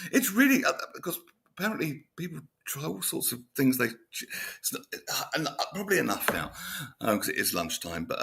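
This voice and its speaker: A man hosting a casual chat show, rambling and animated, breaking into laughter as he talks. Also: a little high, vocal fry, breathy edge. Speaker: host.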